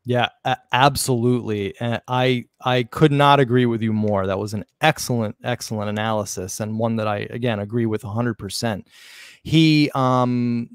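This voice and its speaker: A man's voice: medium pitch, fairly even intonation, normal speed, smooth, no echo, clean studio sound. A man hosting a casual live-streamed chat, talking in a rambling way that often restarts sentences. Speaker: host.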